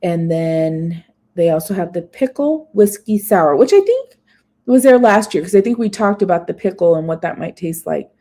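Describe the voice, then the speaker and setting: A woman's voice: on the low side, expressive, moderate pace, warm tone. Chatty woman reading a food menu. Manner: chatty, reads menu items aloud with little asides. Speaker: food vlogger. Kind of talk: casual live-stream chat reading a festival menu.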